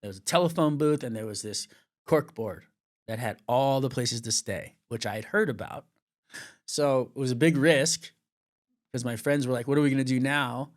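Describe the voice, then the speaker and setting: A middle-aged man from California telling a candid story in an interview, swearing freely and acting out the other people's lines with lively changes in his voice. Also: medium pitch, moderate pace. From Venice, California. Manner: swears freely, acts out quoted dialogue with lively shifts. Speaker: surf commentator, interview guest.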